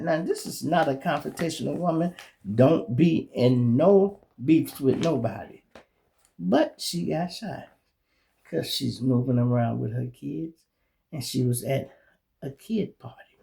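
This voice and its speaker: A middle-aged man with a Chicago accent hosting his own show, telling animated, streetwise stories in a casual monologue full of profanity. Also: a little high, measured pace, vocal fry. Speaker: show host.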